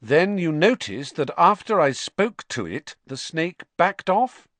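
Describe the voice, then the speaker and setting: A man's voice: fairly high pitch, big pitch swings, slow, a bit bright, no echo, pitched above the performer's own voice, full character voice. A man voicing a young boy wizard who speaks curtly and fiercely. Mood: angry. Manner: curt, fierce.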